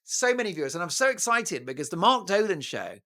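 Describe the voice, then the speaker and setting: A man from the United Kingdom hosts his own talk show, addressing viewers directly in a jokey, animated monologue at a fairly quick pace. His pitch swings widely as he riffs, teases and drifts into playful asides, breaking into mock Italian and snatches of song.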